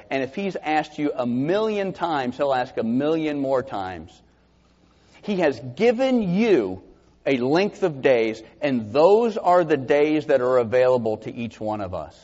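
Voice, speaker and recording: A man, a pastor, preaching a sermon with animated delivery and sudden high-pitched bursts of emphasis. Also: big-room sound, dull audio. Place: church sanctuary.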